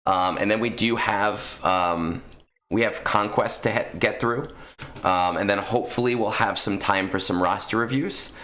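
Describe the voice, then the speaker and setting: A man's voice: fairly low pitch, unhurried, bright, forceful tone. A man streaming a game, chatting casually with viewers in a rambling way full of fillers. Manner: rambling, filler-heavy, talks to chat. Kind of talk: casual gaming stream chat.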